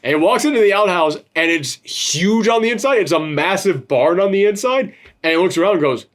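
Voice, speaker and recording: A man's voice: high voice, expressive, brisk, fairly bright tone. A man hosting a casual film-review chat, rambling and swearing freely. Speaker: podcast host reviewing a film.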